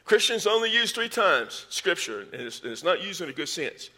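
Bright-voiced preaching man. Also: normal speed. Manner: animated preaching, rising in pitch and volume when stressing points; folksy asides and sports metaphors. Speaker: pastor. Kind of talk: sermon.

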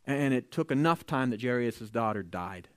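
A man preaching a sermon, retelling scripture with lively storytelling, acting out the quoted voices and adding joking asides. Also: medium pitch, normal speed, clean tone, dry recording, clean studio sound. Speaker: pastor.

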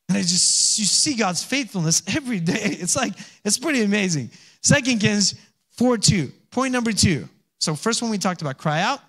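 High-voiced pastor preaching conversationally. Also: male voice, lively intonation, a little fast. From Alaska. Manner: conversational preaching, acts out little voices and laughs; rising to loud exhortation. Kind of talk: sermon.

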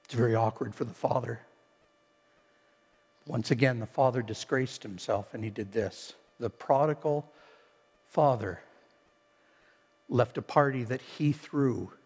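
A male pastor preaching an impassioned sermon, swinging between shouts and quiet storytelling. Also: mid-range voice, measured pace, long pauses, breathy edge. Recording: long hall reverb.

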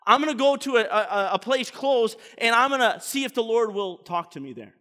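A man voicing a calm, steady ancient prophet in a plain, matter-of-fact way. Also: very high-pitched, a little fast, long reverb tail, full character voice.

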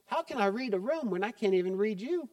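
Middle-aged guy preaching, pretty high voice, chatty and jokey then earnest, dry sound from a mic kinda far off. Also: expressive, quick pace, dry recording. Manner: conversational and joking, then quiet and earnest. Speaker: pastor. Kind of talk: sermon.

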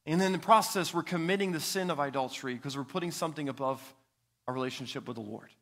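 A man's voice: a little high, fast, fairly bright tone. A young man, a student pastor, preaching a sermon in an earnest storytelling way. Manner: earnest, storytelling with a child's anecdote. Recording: reverberant hall.

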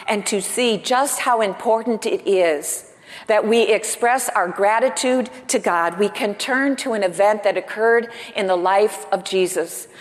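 A woman pastor preaches with earnest emphasis, her voice sitting at an ordinary middle pitch. She poses rhetorical questions to her listeners, and her words ring out with a long reverb in a church hall. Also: unhurried. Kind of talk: sermon.

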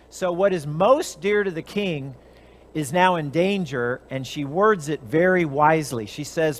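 A man's voice: on the high side, measured pace. A man giving a conversational Bible teaching as a preacher, retelling the story with animation and briefly acting out the characters' lines.

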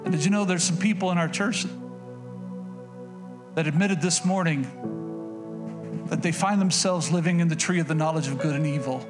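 Folksy preaching man over loud music. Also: a little high, normal speed, pauses often. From Oklahoma. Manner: folksy, conversational preaching with repetitions and acted-out quotes. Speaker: pastor. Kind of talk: sermon.

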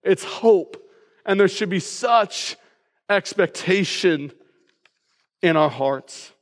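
A man in his thirties preaching a sermon as pastor, telling stories with animated bursts of excitement. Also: high-pitched, slow pace. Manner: animated storytelling, sudden excited shouts. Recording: long reverb of a large hall.

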